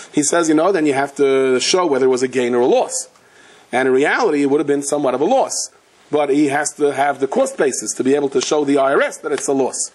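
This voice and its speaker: A man, a rabbi giving a Torah lecture, telling stories and acting out the people in them with big jumps in his voice. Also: breathy edge. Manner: animated storyteller, acts out quotes with big pitch jumps.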